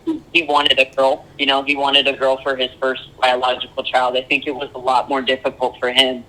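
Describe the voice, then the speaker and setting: Young man with a bright, forceful voice. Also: medium pitch, completely flat delivery, rough recording. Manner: earnest, halting with frequent ums. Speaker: podcast guest. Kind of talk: candid personal interview.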